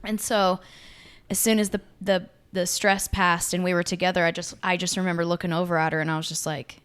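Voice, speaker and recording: A woman's voice: on the low side, a little fast, smooth. A woman co-hosting a podcast, casually telling stories with swearing and acted-out quotes. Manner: animated storyteller, acts out quotes, swears freely. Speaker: podcast co-host. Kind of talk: casual chat.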